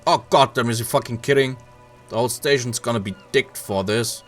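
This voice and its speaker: A man with a German accent voicing a furious, foul-mouthed police partner who shouts and swears. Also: mid-range voice, moderate pace, soft background music, voice pushed up, natural voice. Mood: angry, mocking.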